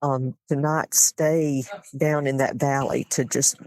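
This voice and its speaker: A woman speaking as a podcast guest in casual chat, soft and halting. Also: rumbling low, steady tone. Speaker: guest, wife of the guest.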